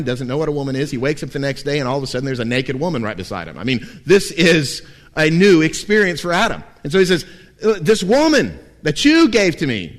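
A man, a pastor, preaching a sermon in an animated way with wry humor. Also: a little high.

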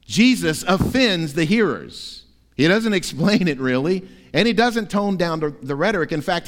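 Emphatic preacher in a reverberant church. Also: male voice, high voice, very animated, normal speed. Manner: emphatic, rising to forceful peaks. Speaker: pastor. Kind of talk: sermon. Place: church sanctuary.

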